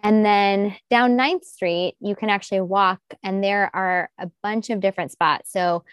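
Woman podcast guest, upbeat and quick to laugh, mid-pitched voice. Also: fairly even intonation, clear, resonant tone, no echo, soft background music. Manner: enthusiastic, laughs often. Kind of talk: casual chat.

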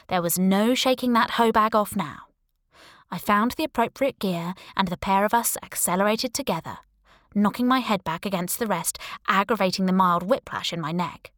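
A woman's voice: lowish voice, no room sound, clean studio sound. Wry woman narrating an audiobook. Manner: lively, wry, dramatic storytelling. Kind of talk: first-person audiobook narration.

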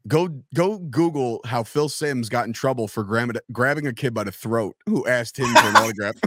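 A man's voice: medium pitch, normal speed, no room sound, clean studio sound. A man hosting a casual sports podcast, telling profane stories and acting out the people in them. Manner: animated profane storyteller, acts out quotes. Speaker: podcast host.

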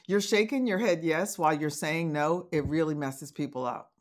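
A woman's voice: deep voice, moderate pace, hardly any pauses. A woman hosting an advice podcast, talking casually and encouragingly to listeners, with playful asides and laughter. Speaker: podcast host, divorce coach.

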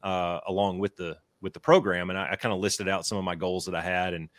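A man's voice: sits low, flat delivery, fast talker, no room sound. A man on a podcast as a guest, easygoing and reflective in casual chat. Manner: easygoing, reflective, says "you know" a lot.

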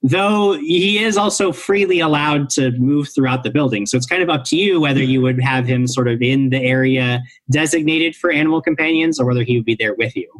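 A man acting as game master who answers a player's question in a measured, explanatory way. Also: on the high side, low-quality recording.

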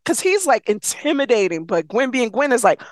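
Brief: chatty woman podcaster, a touch high, recaps plots with lively acted quotes, close dry sound. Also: brisk, no room sound. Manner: animated storyteller, acts out characters' lines, swears freely. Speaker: podcast co-host recapping a story. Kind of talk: casual chat, retelling a book with acted quotes.

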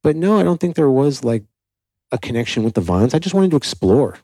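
A young adult man from South Florida, a guest on a podcast, tells his story candidly and animatedly, acting out quoted dialogue and saying "like" often. His mid-range voice moves a little fast, and the dry recording is low quality.

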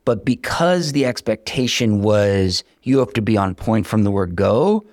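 A man's voice: on the low side, unhurried, no room sound, studio quality. A man being interviewed as a startup founder, telling his story candidly and with energy, acting out the conversations he recounts. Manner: energetic, candid, self-deprecating, acts out quoted dialogue. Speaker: startup founder, podcast guest.

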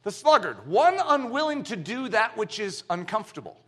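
A man preaching in a church with a high, bright voice that leaps all over the place. He is animated and throws himself into the voices he quotes, pushing hard on his main points. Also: moderate pace. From United States. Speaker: pastor. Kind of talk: sermon.

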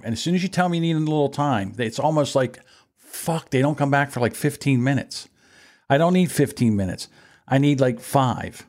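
A man's voice: medium pitch, fairly quick, darkish tone. Blunt, swearing man in casual chat. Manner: blunt, profane, impatient. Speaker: podcast co-host.

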